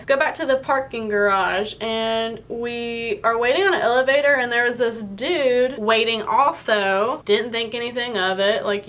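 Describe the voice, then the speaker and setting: A woman's voice: fairly high pitch, a bit bright. A young woman telling a story in a casual vlog while doing her makeup, chatty and full of fillers. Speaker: beauty vlogger.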